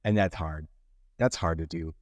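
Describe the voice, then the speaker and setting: A man's voice: low-pitched, moderate pace, no echo. A man hosting his own podcast, talking casually and candidly, rambling with many restarts. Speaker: podcast host. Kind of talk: casual solo podcast monologue.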